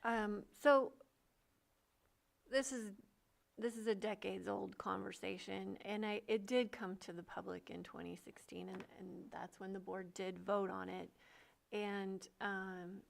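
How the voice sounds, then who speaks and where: Woman, county supervisor, board meeting remarks, gravelly fry, measured with fillers. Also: mid-range voice, fairly even intonation.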